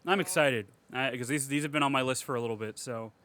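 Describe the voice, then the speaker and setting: A man's voice: mid-range voice, quick pace, pushed and bright. A man co-hosting a casual podcast, rambling with restarts and casual swearing. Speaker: podcast co-host. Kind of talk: casual chat.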